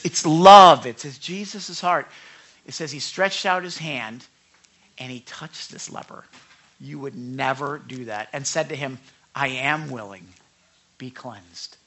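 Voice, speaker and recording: Bright-voiced preacher man, animated. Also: a little high. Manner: animated, talks with the congregation and acts out quotes. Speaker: pastor. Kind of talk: sermon.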